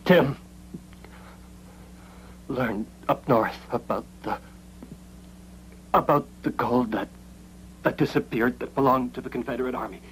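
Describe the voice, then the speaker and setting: An actor playing a man in a dubbed western who tells a story in a halting, earnest way. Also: mid-range voice, a bit bright, a little hiss or hum, close to an everyday voice, rough recording. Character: man recounting a lost army gold tale. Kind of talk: dubbed 1970s western film acting.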